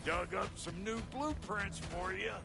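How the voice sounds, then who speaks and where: An actor playing a gruff, crude dwarf blacksmith who talks brusquely and impatiently. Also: male voice, high-pitched, a little slow, music in the background.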